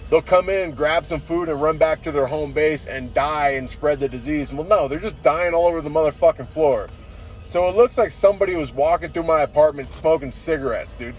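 A man's voice: a little high, darkish tone. A tipsy man hosting a casual, rambling podcast monologue, swearing freely and saying "dude" constantly. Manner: profane, says "dude" constantly. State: tipsy from drinking beers. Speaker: podcast host.

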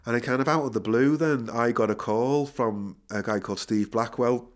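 A middle-aged man spins a story as an interview guest, in a casual, animated way. He restarts his sentences, laughs often and keeps his voice at an ordinary male pitch. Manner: animated storyteller, quick self-corrections, frequent laughter. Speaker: musician guest.

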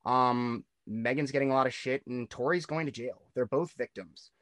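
A man's voice: mid-range voice, normal speed, a bit bright, no echo. Young man, loose and profane, dry sound. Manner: loose and profane, with many fillers and restarts. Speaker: musician guest. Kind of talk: casual interview chat.

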